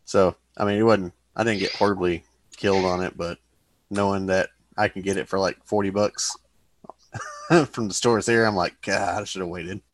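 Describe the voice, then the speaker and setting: A man's voice: sits low, fairly even intonation, normal speed. A man chatting casually about building model kits, easygoing and rambling. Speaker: model kit hobbyist on a group chat show. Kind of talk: casual chat.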